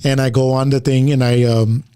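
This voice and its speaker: Man, casual storyteller, rambling, repeats himself, everyday middle pitch. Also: level tone, normal speed, mellow, clean tone. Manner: rambling, repeats words and restarts often. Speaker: podcast host.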